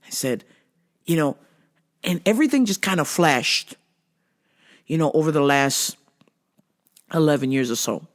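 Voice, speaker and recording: Lively blunt woman host, swears a lot, casual storytelling, pitch swinging up and down. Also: a little slow, long pauses. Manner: animated, profane, blunt.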